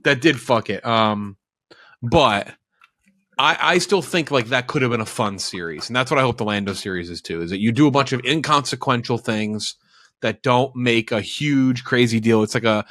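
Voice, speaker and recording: A man's voice: mid-range voice, fairly bright tone, dry recording, clean studio sound. A man co-hosting a movie podcast, talking eagerly with many restarts. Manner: enthusiastic, halting, restarts often. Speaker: podcast co-host. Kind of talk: casual chat.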